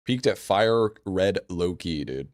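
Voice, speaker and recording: A man's voice: low voice, expressive, takes it slowly, no echo, clean studio sound. A man streaming a game live, chatting casually with viewers in a blunt, profane way and repeating his phrases.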